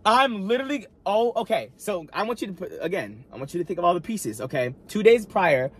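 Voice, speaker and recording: A man vlogging a storytime, talking straight to his viewers in an animated, dramatic way, full of asides and restarts. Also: high voice, fairly quick, husky, dry recording. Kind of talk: storytime monologue.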